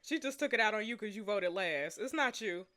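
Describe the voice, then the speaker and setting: A woman voicing a gentle young male friend in a story game, speaking softly and soothingly. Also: mid-range voice, animated, brisk, lightly acted. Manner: soft, soothing.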